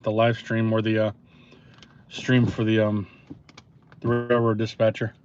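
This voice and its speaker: A laid-back man chatting with viewers on a live stream, speaking in a fairly flat tone and drifting through thoughts with plenty of pauses and fillers. The sound is dull and lo-fi, like a phone mic, with a faint hiss underneath. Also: on the low side. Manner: relaxed, rambling, many pauses and fillers.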